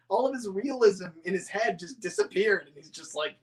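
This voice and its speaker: A man's voice: high voice, expressive, moderate pace, hardly any pauses. A man rambling enthusiastically as a model-making hobbyist answering viewer questions, with many fillers and restarts. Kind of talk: casual chat.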